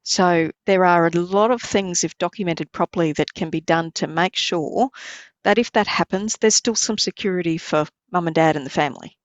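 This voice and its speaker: A middle-aged woman, a lawyer giving measured, explanatory advice in a podcast interview. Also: fairly low pitch, dry recording, muffled recording. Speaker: lawyer guest.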